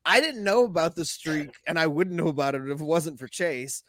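A man's voice: on the high side, fairly quick, fairly bright tone. A man co-hosting a casual sports podcast, telling rambling stories and swearing freely. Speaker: podcast co-host. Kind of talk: casual chat.

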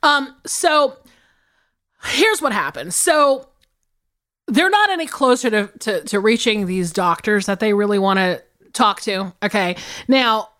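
A woman co-hosting a podcast, recapping a film in casual, animated chat with plenty of swearing. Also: medium pitch, measured pace. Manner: animated, swearing, big laughs. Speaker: podcast co-host.

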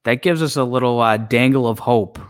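A man's voice: medium pitch, moderate pace, dry recording. A man co-hosting a sports podcast, agreeing and giving plain opinions in casual chat. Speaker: podcast co-host.

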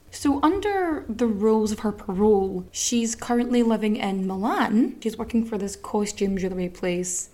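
A woman's voice: a little high, darkish tone. A woman hosting a podcast, telling a true story in a casual, snarky, sweary way. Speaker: podcast host.

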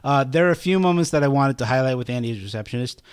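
A man co-hosts a relaxed podcast chat and leads the segment in a voice that sits in the middle of the male range. His delivery is casual, with frequent "uh" fillers as he recalls scenes. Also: medium pitch, very fast, clear, resonant tone, no echo. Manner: retells scenes with hesitant fillers. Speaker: podcast co-host presenting a countdown.

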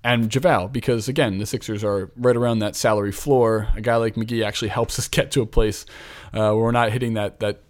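A man's voice: fairly low pitch, fairly even intonation, brisk. A man from Philadelphia hosting a casual basketball talk show, chatty and rambling as he thinks aloud. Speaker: basketball podcast host.

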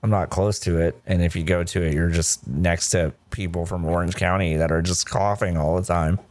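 A man co-hosting a casual chat with quick, joking remarks. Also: low voice, steady tone, darkish tone, no room sound. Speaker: podcast co-host.

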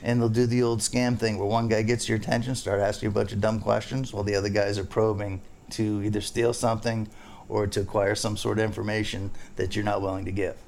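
A man's voice: fairly low pitch, flat delivery, quick pace, gravelly, darkish tone, a little hiss or hum. A man who is a fishing guide, hosting a casual podcast chat and rambling through jokes and stories. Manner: rambling, joking, storytelling.

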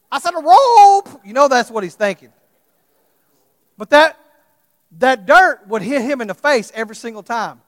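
Impassioned preacher man, high voice. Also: long reverb tail. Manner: swings from loud impassioned preaching to quiet storytelling. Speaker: pastor. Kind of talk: sermon.

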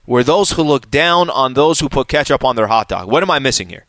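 A playful man from San Diego hosts a relaxed chat, his voice sitting at an ordinary middle pitch. The sound is dry and close, with no room around it. He tells his stories with easy asides. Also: fairly quick, dry recording. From San Diego, California. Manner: animated, playful, talks through stories with asides. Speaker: show host. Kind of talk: casual chat.

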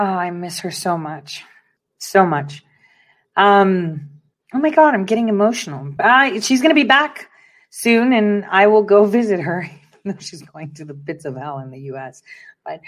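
A woman hosting an online commentary show, speaking in an emphatic, preachy way and repeating phrases for effect. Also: medium pitch. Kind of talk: casual political commentary.

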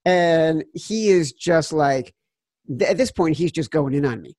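A man in his forties, a podcast co-host telling a sports betting story and loudly acting out quotes. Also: a little high, expressive, measured pace, no room sound, clean studio sound. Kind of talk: casual sports betting chat.

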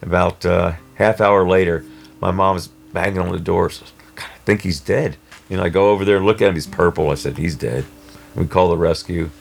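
A man telling a personal story in a rambling, halting way with many restarts. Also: deep voice, fairly even intonation, creaky. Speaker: storyteller guest. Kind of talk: casual spoken storytelling.

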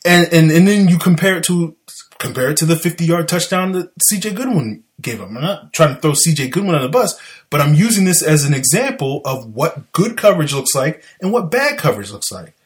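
A man with a Southern US accent, hosting a casual sports talk show and breaking down football plays in an animated, exasperated, argumentative way. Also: on the high side, brisk.

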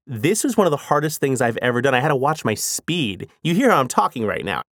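A man in his forties talks about his work in a quick, energetic rush, his pitch jumping all over the place. He leans on "you know" and "like" as he goes. The sound is dry and close, with no room echo. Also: breathy edge. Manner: fast, energetic talker who fills speech with "you know" and "like". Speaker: author. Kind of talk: casual spoken reflection.

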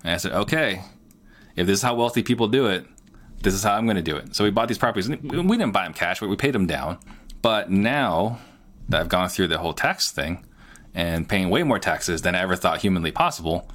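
A man's voice: sits low, expressive, a little fast, a bit bright. A middle-aged man, a guest on an interview show, talking earnestly and plainly with lots of "you know". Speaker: guest, real estate entrepreneur. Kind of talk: casual interview talk.

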